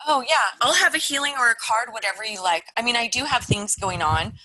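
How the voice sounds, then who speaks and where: A woman's voice: on the high side, brisk, pushed and bright, low-quality recording. A woman calling in from home on a work computer, hesitant and surprised, with nervous laughs. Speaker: caller. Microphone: work computer without camera.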